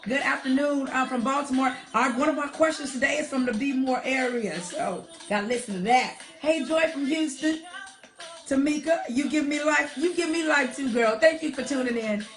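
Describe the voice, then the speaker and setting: Woman w a high voice doing a live show, super chatty and sweet w viewers, lotta y'all and darling, soft r&b music in the back. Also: moderate pace. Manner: chatty and affectionate, calling viewers darling, girl and honey, heavy use of y'all. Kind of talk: casual livestream chat reading viewer shout-outs. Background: R&B song playing softly.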